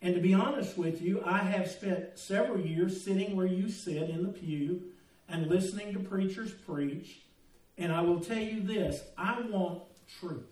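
Older male pastor, mellow voice, folksy then earnest, picked up from across a roomy sanctuary. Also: high-pitched, measured pace. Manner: folksy, joking storyteller turning earnest. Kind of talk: sermon. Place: church sanctuary. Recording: roomy echo, mic at a distance.

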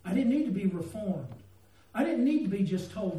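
A man's voice: high voice, lively intonation, moderate pace, dark tone. A man preaching a sermon in a church, telling folksy stories with jokes and asides to the congregation. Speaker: pastor. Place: church sanctuary. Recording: echoey hall, mic from a distance.

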